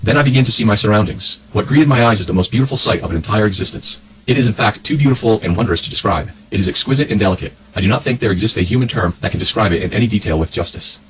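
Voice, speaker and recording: Male narrator, diary reading, rapid and businesslike, slightly low register. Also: fairly bright tone, a little hiss or hum, poor audio. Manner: brisk, matter-of-fact log reading. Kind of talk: scripted narration of a flight diary.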